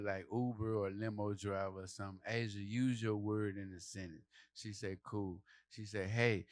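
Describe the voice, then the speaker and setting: A man performing a stand-up comedy set for a live audience, telling stories loudly and playing out the quotes. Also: on the low side. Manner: loud, animated storytelling with acted quotes.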